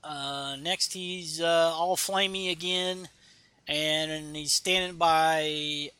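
A man's voice: on the high side, steady tone, very slow, pushed and bright, clear, resonant tone, no room sound. A man casually recapping a comic on a remote podcast call, rambling with many fillers and reading lines aloud. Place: home.

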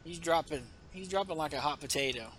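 A man hosting a casual comic book podcast, rambling and filler-heavy. His voice is bright and a little high for a man. A faint hiss sits underneath. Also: fairly quick. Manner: rambling, many fillers, self-deprecating asides. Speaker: podcast host.

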